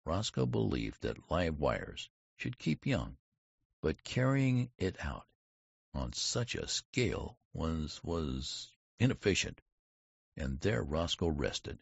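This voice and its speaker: A man reads a story aloud in a very deep, gravelly voice with a husky edge. His delivery rises and falls expressively. The recording is dry and slightly dull. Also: sing-song, takes it slowly, no room sound. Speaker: audiobook narrator. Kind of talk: scripted narration.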